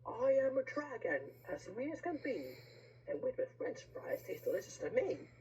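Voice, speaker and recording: A woman's voice: fairly high pitch, sing-song, normal speed, mellow, a little hiss or hum, voice pushed up, rough recording. A woman voicing a male dragon from a picture book, boastful and sputtering. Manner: sputtering, theatrical. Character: boastful male dragon who turns timid.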